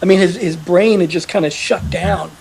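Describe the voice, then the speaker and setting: A man telling a veteran's story in a casual podcast conversation, animated and quick to quote others. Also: sits high, gravelly, slight background noise. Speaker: author interviewed about his article.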